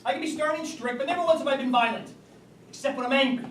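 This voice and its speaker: A man's voice: extremely high pitch, quick pace, a bit bright. An actor playing a harried, blustering middle-aged father of the bride on stage, heard from a distance in an echoey room with background noise. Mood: stern. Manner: blustering, exasperated. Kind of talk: stage play performance.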